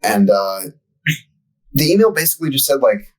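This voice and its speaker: Young dude podcast cohost, husky, swears a lot, ranty story. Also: male voice, medium pitch, very animated, normal speed, low-quality recording. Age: young adult. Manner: profane ranting storyteller. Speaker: podcast co-host. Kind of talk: casual chat.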